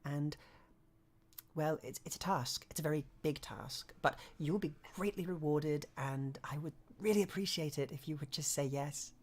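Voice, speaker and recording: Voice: medium pitch, a little hiss or hum, lightly acted. A game master voicing a poised, controlling noblewoman patron, polite and formal, in a tabletop role-play. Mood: persuasive. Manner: courteous, measured, formal. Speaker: game master voicing a non-player character.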